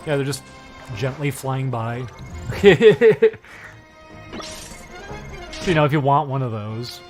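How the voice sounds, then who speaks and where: A man giving casual, laid-back commentary while streaming a video game, chatting easily and then breaking into loud, laughing outbursts. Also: medium pitch, brisk, soft background music.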